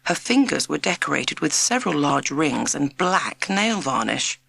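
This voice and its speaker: A woman narrates a children's storybook with an expressive, measured delivery. Her voice sits fairly low with a gravelly texture, yet moves widely in pitch. The recording is dry and close, with no room sound. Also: no room sound. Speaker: audiobook narrator.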